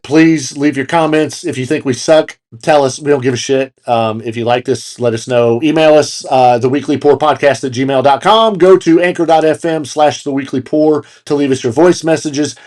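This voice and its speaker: A man's voice: a little high, a little mellow. A man co-hosting a casual podcast, joking around and swearing casually as he wraps up the episode. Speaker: podcast co-host. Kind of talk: casual chat.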